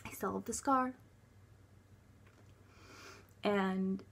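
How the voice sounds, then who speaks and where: Young woman, personal storytelling, hesitant, many fillers, soft and quiet at times, mid pitch. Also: steady tone, normal speed. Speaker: vlogger.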